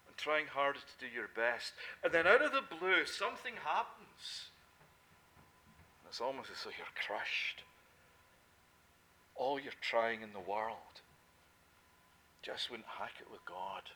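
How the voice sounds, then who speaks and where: Emphatic preacher man, bright voice. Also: mid-range voice, expressive, unhurried, long pauses. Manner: emphatic preaching, swinging from loud declarations to soft intimate asides. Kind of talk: sermon.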